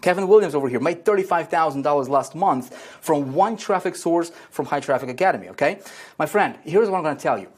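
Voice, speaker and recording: A man's voice: on the high side, fairly quick, breathy edge. A man leading an online marketing training video, upbeat and motivational, checking in with "okay?" and "right?" after nearly every point. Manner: energetic, repeats "okay?" and "right?" often.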